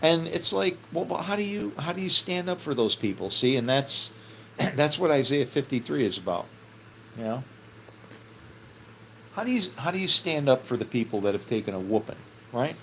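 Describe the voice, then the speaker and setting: A man's voice: medium pitch, animated, normal speed, sharp tone, a little hiss or hum, poor audio. A middle-aged man musing casually on faith, rambling, often laughing and swearing offhand. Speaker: vlogger.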